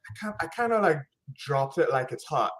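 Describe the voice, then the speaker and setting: Slightly fast and expressive, this man's voice sits on the high side with a somewhat bright tone. He's a business consultant guesting on a podcast, chatting casually and upbeat in an interview full of slang and catchphrases.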